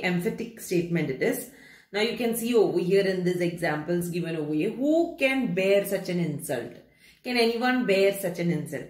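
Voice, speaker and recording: A patient woman teacher walks students through a grammar rule, saying key phrases twice and slowing down to read each example. Her voice sits in a middle register and sounds through a noticeably echoey room. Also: medium pitch. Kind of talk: classroom grammar lesson.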